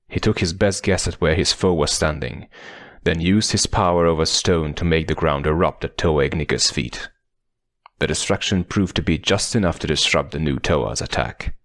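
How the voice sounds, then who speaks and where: Deep gravelly male audiobook narrator. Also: fairly bright tone, no echo, studio quality. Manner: measured, dramatic storytelling. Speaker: audiobook reader.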